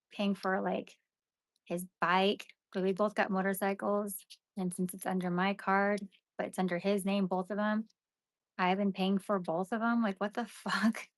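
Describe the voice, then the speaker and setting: Young woman venting to her stream, lots of like and you know, mid pitch, dead dry sound. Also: no room sound. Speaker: live-stream seller. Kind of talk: casual rambling chat to viewers.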